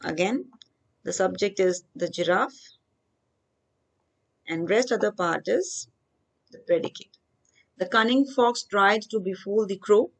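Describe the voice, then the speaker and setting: A woman teaching grammar. She reads each worksheet example slowly, then explains the answer step by step. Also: mid-range voice. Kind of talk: worksheet walkthrough lesson.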